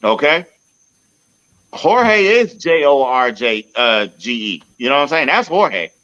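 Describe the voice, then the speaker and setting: Podcast co-host, male, bright and pushy tone, slangy ranting, lo-fi sound. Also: mid-range voice, big pitch swings. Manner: loose, slangy ranting with drawn-out spelling. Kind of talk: casual chat.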